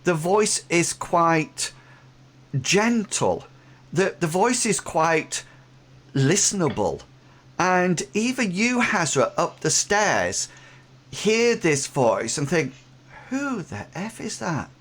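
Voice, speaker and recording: A man running an online tabletop game as game master, narrating in a halting way with many pauses. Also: fairly high pitch, very animated, a bit bright. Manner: halting, with frequent pauses and fillers.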